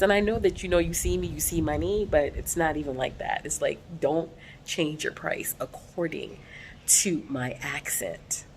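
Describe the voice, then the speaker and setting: A woman's voice: low voice, normal speed, slight background noise. A woman with an American accent, talking in a casual vlog, voicing emphatic and outspoken complaints. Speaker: vlogger.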